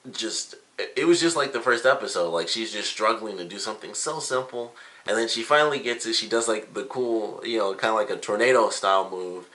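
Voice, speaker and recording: Young man for a casual episode review: lower voice with a bright, forceful edge, chatty and upbeat, filler-heavy. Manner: chatty, upbeat, many "like" and "you know" fillers. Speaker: show reviewer.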